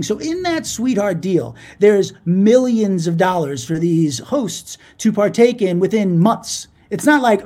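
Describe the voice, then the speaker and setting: A man co-hosting a podcast, retelling a business story in animated, profane casual chat. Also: high voice, moderate pace, few pauses. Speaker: podcast co-host.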